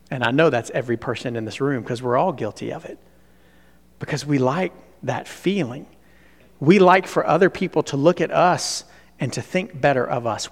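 A man preaching a sermon to a room of listeners, animated and asking questions, then dropping to a hush. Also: high voice. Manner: asks the audience questions. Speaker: pastor. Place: hall with an audience. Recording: long hall reverb.

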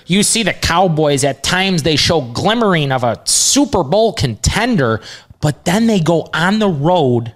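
A nasal-voiced man trades blunt, profane jokes in casual podcast chatter about betting picks. His pitch rolls up and down freely as he talks. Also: very animated, normal speed. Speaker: sports betting co-host.

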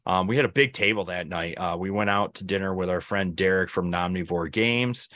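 A man's voice: low voice, fairly quick, a bit bright, no echo. A young man co-hosting a podcast in casual chat, telling rambling stories and acting out his friends' lines. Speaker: podcast co-host.

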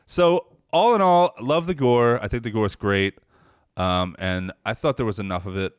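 A man's voice: fairly low pitch, normal speed, clean tone, no room sound, studio quality. A young man co-hosting a podcast, chatting casually, rambling and swearing a lot with many restarts. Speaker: podcast co-host. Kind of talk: casual chat.

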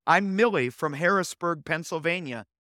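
A man's voice: fairly high pitch, normal speed, bright, forceful tone, dry recording, clean studio sound. A man voicing a distraught, desperate woman who is pleading for help on the phone.

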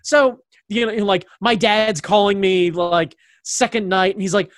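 A man's voice: high-pitched, steady tone, fairly quick, hardly any pauses, fairly bright tone, no echo. A man from suburban Baltimore County telling a personal story in casual chat, rambling with lots of fillers and blunt swearing. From suburbs of Baltimore County, Maryland.

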